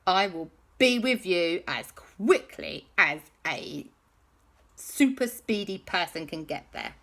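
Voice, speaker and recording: A woman's voice: fairly low pitch, expressive, takes it slowly, fairly bright tone, exaggerated voice. A woman voicing a grumpy man woken from a nap who turns earnest and urgent, in a children's story. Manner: whiny at first, then earnest and urgent. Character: grumpy napping man turned worried expert.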